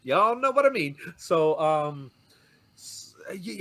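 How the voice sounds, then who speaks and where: A man's voice: a little high, lively intonation, normal speed, a bit bright. A Canadian man, a dejected football fan, ranting and swearing on a fan show, often stumbling over his words. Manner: ranting, swearing, stammering restarts. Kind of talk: heated fan-show chat.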